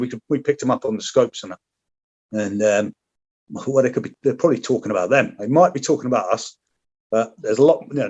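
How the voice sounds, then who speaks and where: The audio is dull, and the speaker's voice is fairly low. He is a British former paratrooper guesting on a podcast, casually telling combat stories with plenty of swearing, restarts and side remarks in a British English accent.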